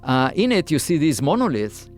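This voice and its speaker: A man, a physicist guest, talking through an interview with many pauses, fillers and restarts. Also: a little high, very animated, soft background music. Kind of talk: interview conversation.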